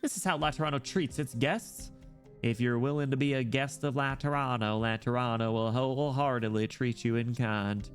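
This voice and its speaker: A man's voice: mid-range voice, fairly even intonation, faint music behind, lightly acted. A man reading a stern formal legate. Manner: measured, formal. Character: stern formal church legate, calm enforcer of order.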